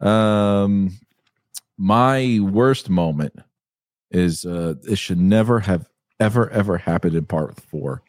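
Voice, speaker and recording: A man's voice: sits low, takes it slowly, no echo, studio quality. A man co-hosting a casual chat show, joking and laughing a lot. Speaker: co-host.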